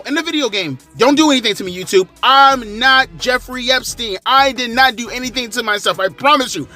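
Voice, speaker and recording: A man's voice: very high-pitched, brisk, hardly any pauses, pushed and bright, soft background music. A man in his thirties giving a profane, ranting review of a wrestling show from his living room. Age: 30s. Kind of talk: ranting casual commentary.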